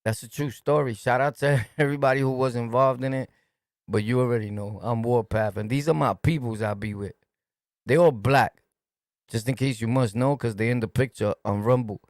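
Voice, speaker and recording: Brief: New York-accented male stream host, streetwise and emphatic, mid-pitched, dry close sound. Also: moderate pace, a little mellow, no room sound. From New York City. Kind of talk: casual commentary to a livestream chat.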